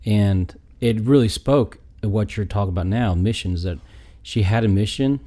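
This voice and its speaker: A man co-hosting a casual faith talk, speaking reflectively with halting phrasing. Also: on the low side, warm tone. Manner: reflective, halting, many fillers. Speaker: co-host.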